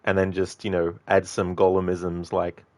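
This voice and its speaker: A man's voice: low voice, monotone, moderate pace, darkish tone, no echo. A man streaming a game, rambling casually to his viewers, answering them and swearing freely. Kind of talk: casual live-stream chat.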